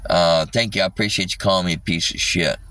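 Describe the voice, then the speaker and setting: A man rambling in casual livestream chat, swearing often and halting with lots of fillers. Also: sits low, steady tone, fairly bright tone, distant mic.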